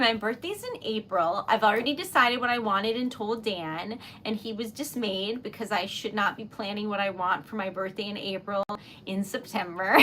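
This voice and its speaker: A young woman hosting a relaxed livestream, chatting casually with viewers as she crafts, rambling and giggling often. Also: fairly high pitch, a little hiss or hum. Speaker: livestream host. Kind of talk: casual chat while crafting.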